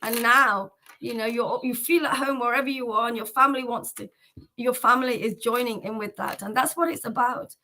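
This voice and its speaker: A woman's voice: fairly high pitch, steady tone, fairly quick, pushed and bright, slight background noise, poor audio. A woman hosting a devotional chanting livestream, talking casually to her viewers in a rambling, fervent way, with many repeats of "you know".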